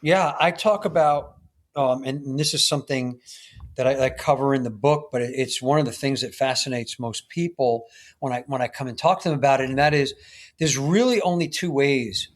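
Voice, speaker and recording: A man's voice: medium pitch, moderate pace. Earnest emphatic man coaching on a podcast. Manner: earnest, emphatic, often tags points with "right?". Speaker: guest, men's coach and author. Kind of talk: podcast interview conversation.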